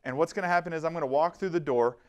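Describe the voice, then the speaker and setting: A man giving a lively, animated safety presentation to a live audience, telling stories and acting out quotes. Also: on the high side, rapid-fire. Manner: energetic, animated, storytelling with acted-out quotes. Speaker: safety trainer.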